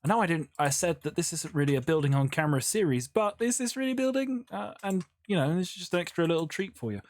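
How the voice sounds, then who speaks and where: A gaming YouTuber offers chatty, rambling Minecraft building commentary, often interrupting themselves mid-thought. The voice is medium-pitched with lively intonation and a quick pace.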